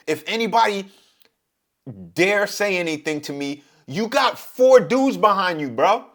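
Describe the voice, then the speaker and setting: A middle-aged man from Brooklyn with a New York accent, talking in a reflective, passionate monologue and getting louder as he drives his point home. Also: animated, moderate pace. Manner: passionate, rises in pitch and loudness when making a point. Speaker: podcast host.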